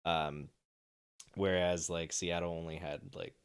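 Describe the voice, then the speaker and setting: A young man co-hosts a sports podcast and talks through game stats in a loose, rambling way. His voice sits low and comes across smooth and clear. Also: little pitch movement, unhurried. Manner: rambling, many fillers and restarts. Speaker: podcast co-host. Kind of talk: casual sports chat.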